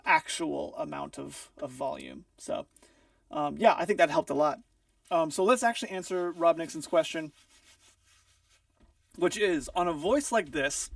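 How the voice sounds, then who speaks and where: A man's voice: on the high side, creaky, no room sound. A man teaching music mixing in a studio, explaining casually while thinking aloud with frequent ums and restarts. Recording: dry, a bit far from the mic.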